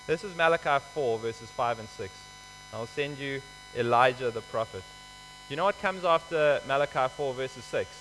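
A man's voice: medium pitch, moderate pace, fairly bright tone. A man preaching a sermon, explaining scripture in a conversational, emphatic way. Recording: hall reverb with faint mains hum.

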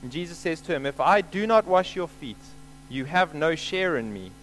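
A man delivers a sermon in an earnest, explaining tone, circling back to stress his points. His voice sits a little high for a man. A faint hum runs underneath the recording. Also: lively intonation, moderate pace, a bit bright, rough recording. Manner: earnest, explains scripture with repeated emphasis. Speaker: preacher.

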